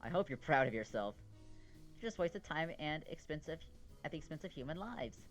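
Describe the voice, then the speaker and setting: A man's voice: on the high side, brisk, faint music behind, natural voice. A man voicing a haughty, short-tempered schoolgirl with a British accent, reading aloud from a visual novel game. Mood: indignant. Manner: prim, snapping into insults.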